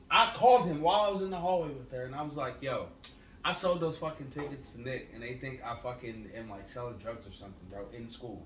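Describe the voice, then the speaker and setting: A man co-hosting a casual podcast, telling stories in a laid-back, profane way that gets loud when he is excited. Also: mid-range voice, a little fast. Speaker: podcast co-host. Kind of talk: casual storytelling chat. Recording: echoey room, mic at a distance, noisy.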